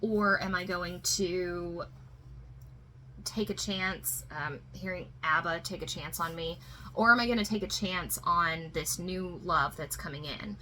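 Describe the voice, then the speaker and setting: A woman's voice: fairly low pitch, steady tone, a little slow, pushed and bright, slight background noise, low-quality recording. A woman giving a spiritual tarot reading to viewers, emotional and reassuring, often fighting back tears, with many fillers. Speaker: tarot reader.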